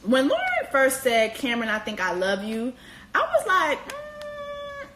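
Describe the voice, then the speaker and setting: Animated, profane woman in an echoey room. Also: a little slow, a little hiss or hum. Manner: animated, slangy and profane, with high-pitched exclamations. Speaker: host. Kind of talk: casual reality-TV commentary.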